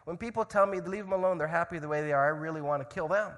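A man preaching a sermon, telling a story dramatically and swinging from loud shouts to hushed tones. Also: on the high side, quick pace, in a large hall.

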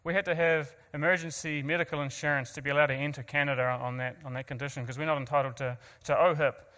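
New Zealand-accented man, fairly high voice, earnest speaker with self-deprecating humor, heard in a reverberant hall. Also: steady tone, quick pace, sharp tone. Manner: earnest, self-mocking asides, frequent restarts. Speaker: guest speaker. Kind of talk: personal testimony to an audience.

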